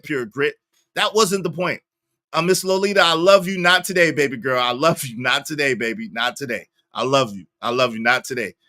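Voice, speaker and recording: A man's voice: high voice, no echo, clean studio sound. A man hosting a live stream, greeting viewers by name, reading chat comments aloud and arguing his points emphatically. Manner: animated, argues points emphatically. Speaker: livestream host.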